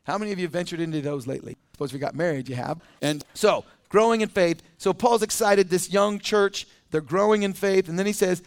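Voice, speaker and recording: A man preaching a sermon as teaching pastor in a conversational, animated way with quick asides. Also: high-pitched. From United States.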